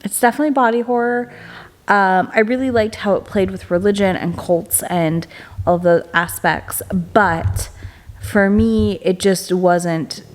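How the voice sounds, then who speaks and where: A woman's voice: mid-range voice, unhurried. Young woman, book vlogger, chatty, upbeat, filler words, casual home vlog. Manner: hushed late-night whisper. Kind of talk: casual reading vlog chat.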